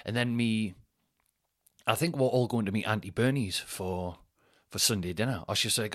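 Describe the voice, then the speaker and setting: A man's voice: on the low side, moderate pace, a bit bright, dry recording, clean studio sound. A man, hosting a solo podcast and telling rambling, chatty stories that he laughs at himself. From Northeast England. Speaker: podcast host. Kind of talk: solo casual storytelling.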